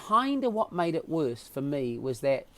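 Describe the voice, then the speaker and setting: A man with a New Zealand accent, a podcast guest telling stories in a casual interview with animated, emotional delivery. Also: on the high side, moderate pace.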